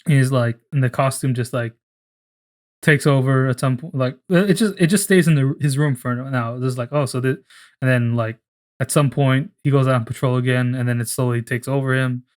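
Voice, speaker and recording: Rambling, swearing man pitching ideas. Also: brisk, darkish tone. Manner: rambling, profane, full of restarts. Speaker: podcast co-host. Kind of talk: casual chat.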